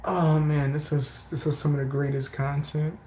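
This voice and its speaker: A man doing casual reaction commentary, laughing hard and wheezing as he tries to hold back loud laughter. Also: on the high side, normal speed, slight background noise, poor audio. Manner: animated, quotes people mid-story.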